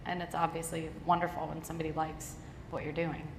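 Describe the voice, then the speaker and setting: A woman's voice: low-pitched, little pitch movement, fairly quick. A young actress in her twenties answering audience questions casually, rambling and self-deprecating with lots of "like". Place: auditorium with live audience. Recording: echoey hall with reverb and clear noise.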